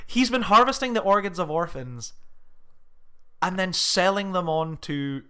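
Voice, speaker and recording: A man in casual podcast chat, reviewing a film in an animated way and swearing freely. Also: sits high, moderate pace, crowd noise. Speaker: podcast co-host.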